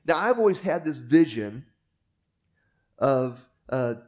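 A man preaching a sermon in an earnest, heartfelt way. He pushes his voice up for emphasis, then sinks into a soft hush, at a mid pitch that sits in the usual range for a man. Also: very animated, slow.

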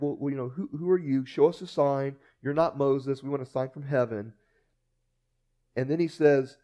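A man preaching a sermon with animated delivery, acting out the voices of people he quotes and often repeating words. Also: medium pitch. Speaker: pastor.

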